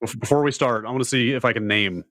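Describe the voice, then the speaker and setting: A man hosting a live stream, chatting casually and thinking out loud. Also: medium pitch, fast talker, dry recording, clean studio sound. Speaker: stream host. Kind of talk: casual chat.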